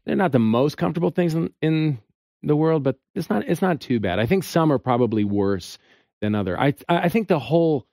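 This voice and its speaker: A man's voice: a little high, expressive, a little mellow, no room sound, studio quality. A man who is an actor, chatting as a talk show guest and telling stories with many restarts. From lives in New York. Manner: halting, self-interrupting storyteller. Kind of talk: casual chat.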